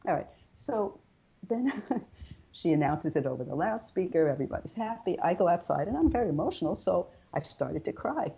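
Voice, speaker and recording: An older woman, a guest in an interview, telling her personal story in a chatty, animated way and acting out quoted dialogue. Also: on the low side, a little fast, vocal fry, slightly rough, dull audio.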